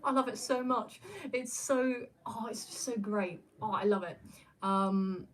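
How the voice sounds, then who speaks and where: A woman's voice: mid-range voice, measured pace. Woman, young adult, casual livestream chat, rambling, fillers and restarts. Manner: rambling, many fillers and restarts, laughs often. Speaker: streamer answering viewer questions.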